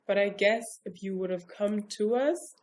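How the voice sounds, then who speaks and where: A woman's voice: mid-range voice, moderate pace, a little mellow. A young woman remembers her school years in a casual interview. She is chatty and fills her sentences with "like". Her voice sits in a mid range. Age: young adult. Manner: chatty, filler-heavy with lots of "like". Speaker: former classmate.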